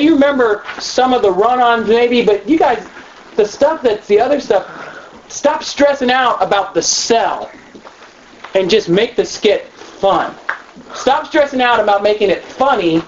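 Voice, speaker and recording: A man giving a training talk to youth leaders, animated and acting out the kids he quotes. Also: high voice. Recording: dull lo-fi room recording with faint noise.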